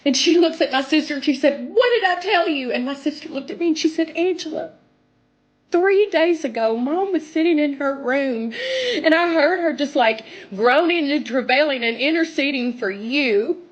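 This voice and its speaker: A young woman sharing a personal testimony, emotional, her voice climbing high when she recalls her prayers. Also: moderate pace. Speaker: testimony speaker. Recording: dull lo-fi sound.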